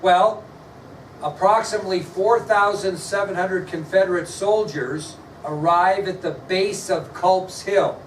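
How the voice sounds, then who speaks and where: A male history teacher lecturing a class, quizzing students and spelling words out slowly. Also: sits high, a little hiss or hum. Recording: echoey classroom, mic far off, faint ambience.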